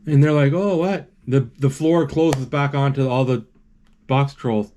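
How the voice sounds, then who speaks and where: Casual male narrator describing a movie live, stop-start, correcting himself, bursts of excitement. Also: medium pitch, slight background noise. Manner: halting, self-correcting, excited exclamations.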